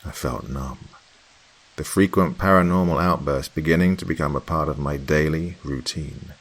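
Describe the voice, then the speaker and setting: A man narrating a first-person horror story in a slow, hushed, dramatic way. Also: rumbling low, husky.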